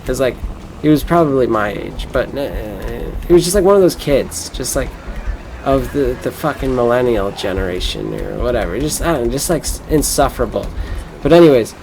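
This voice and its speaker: A man's voice: medium pitch, lively intonation, moderate pace, a little mellow, a little hiss or hum, low-quality recording. A young man from Florida talking casually over a game, rambling and cursing as he tells a boastful story. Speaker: gameplay streamer. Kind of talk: casual rambling gameplay commentary.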